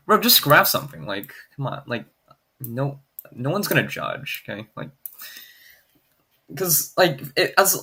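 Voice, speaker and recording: A man streams in a casual, rambling way, leaning on fillers and reading out comments as he goes. His voice swings widely in pitch and has a gravelly fry. The tone is bright with a husky grain. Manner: rambling, heavy on "like" fillers, reads chat aloud. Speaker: streamer graphing in Desmos. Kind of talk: casual livestream chat.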